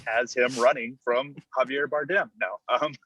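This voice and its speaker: A man's voice: mid-range voice, steady tone, normal speed, pushed and bright, poor audio. A man from Texas with a Texan accent, talking on a movie podcast in a hesitant, rambling way. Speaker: podcast guest. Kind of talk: casual podcast chat.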